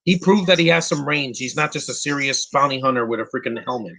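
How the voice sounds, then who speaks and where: Man, casual live movie commentary, bright forceful tone, blunt opinions, lots of restarts and fillers. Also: medium pitch, quick pace. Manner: frequent restarts and filler words.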